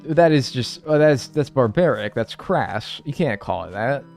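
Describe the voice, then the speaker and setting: Young male streamer, lively swooping delivery, chatty joking banter with chat, faint game music under him. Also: medium pitch, a little slow, creaky. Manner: animated, joking banter with sudden mock outrage. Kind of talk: casual live-stream chat, reading viewer messages.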